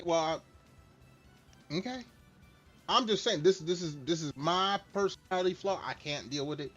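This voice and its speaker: A man's voice: fairly high pitch, moderate pace, long pauses, a bit bright, breathy edge. A middle-aged man chatting casually while streaming a game, rambling, candid and self-deprecating. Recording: slightly dull lo-fi stream mic with faint music.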